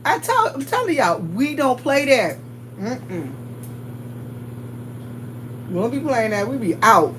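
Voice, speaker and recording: A woman with a Southern US accent, chatting to her viewers in an animated, storytelling way and laughing often. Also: on the high side, slow pace, long pauses, a little hiss or hum, poor audio. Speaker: vlogger.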